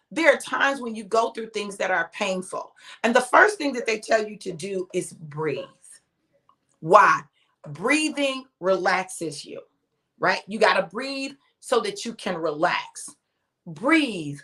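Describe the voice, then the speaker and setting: A woman's voice: medium pitch, sharp tone. A woman in her fifties hosting a casual morning livestream for her viewers. She is chatty, playful and encouraging, and she laughs often. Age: 50s.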